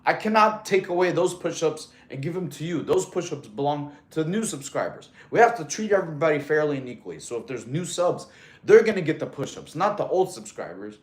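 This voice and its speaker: A man's voice: on the high side, big pitch swings, brisk. Easygoing male streamer in an echoey room. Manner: laid-back slangy talk, calls viewers bro. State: out of breath while counting push-ups. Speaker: fitness livestreamer. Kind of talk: casual livestream chat.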